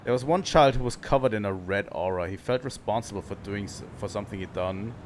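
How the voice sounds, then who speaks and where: A man's voice: on the low side, brisk, a little hiss or hum. A young man streaming a video game, musing aloud and reading the game's dialogue, sometimes stumbling over words. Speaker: gaming streamer. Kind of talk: casual let's-play commentary, reading game dialogue aloud.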